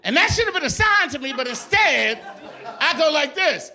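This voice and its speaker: A man doing a stand-up comedy set on stage, telling a story in an animated, profane, exasperated way. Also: very high-pitched, moderate pace, some chatter behind. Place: on stage before a live audience.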